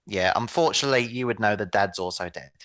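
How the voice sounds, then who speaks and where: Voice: low-pitched, fast, fairly bright tone, no room sound. A game master casually narrating a tabletop role-playing game with many fillers.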